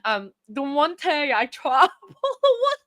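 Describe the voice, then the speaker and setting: A woman hosting a casual livestream, tearful and laughing as she thanks her viewers, halting and repeating herself. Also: high voice, fairly bright tone, no room sound. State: crying. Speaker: livestream host.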